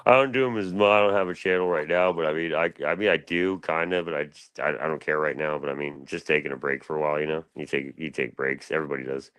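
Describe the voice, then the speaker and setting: A man's voice: very deep voice, steady tone, fast, few pauses, fairly bright tone, clear, resonant tone. A young man, rambling through casual stories on a live panel stream, slangy and loose, full of fillers. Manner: laid-back, slangy, loose storytelling with lots of fillers.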